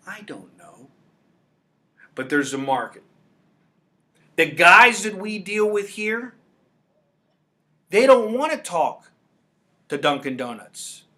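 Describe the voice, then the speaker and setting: Brash betting-show host, high-ish, forceful delivery. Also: male voice. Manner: brash, emphatic, salesman-like. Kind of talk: casual sports betting talk.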